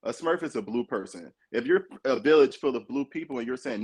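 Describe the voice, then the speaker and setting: Male podcast co-host with a raspy voice; sympathetic, makes his case with analogies. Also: medium pitch, animated, fairly quick, hardly any pauses, a little mellow. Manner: sympathetic, explains through analogies. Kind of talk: casual podcast chat.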